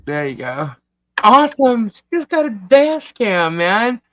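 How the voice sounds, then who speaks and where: A man with a New York accent co-hosting a casual livestream, reading chat comments out loud in a scattered, distracted way. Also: high-pitched, very animated, unhurried, no echo, lo-fi sound. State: hiccups. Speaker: livestream co-host. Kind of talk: casual live-stream chat.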